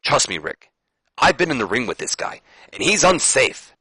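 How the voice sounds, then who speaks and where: A man's voice: medium pitch, big pitch swings, normal speed, pushed and bright, slightly rough, no room sound, pitched above the performer's own voice, exaggerated voice. A man voicing a stern, self-righteous male wrestling team captain with firm, lecturing lines.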